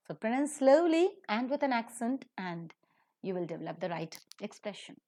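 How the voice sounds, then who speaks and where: Woman, pronunciation teacher, lecture, emphatic example sentences, clear explanations. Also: on the high side, sing-song, normal speed, dark tone.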